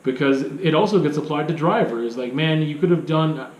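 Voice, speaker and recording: A man's voice: on the high side, brisk, roomy sound, a little hiss or hum, rough recording. A man giving a casual film review, rambling, with many restarts and rhetorical questions.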